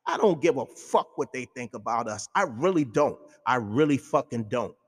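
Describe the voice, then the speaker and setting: A man's voice: medium pitch, lively intonation, moderate pace, slightly rough, in a large hall. A man, hosting a talk show and delivering a heated, profane monologue. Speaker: radio show host.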